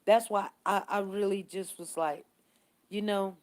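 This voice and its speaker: A woman's voice: medium pitch, unhurried. A woman vlogger in casual live-stream commentary, telling stories to her viewers and answering their comments. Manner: animated, conversational storytelling that repeats its points.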